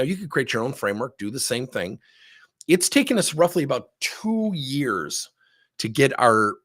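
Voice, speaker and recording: A middle-aged man giving an energetic webinar talk as a training consultant, with a husky voice. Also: mid-range voice. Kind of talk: webinar presentation.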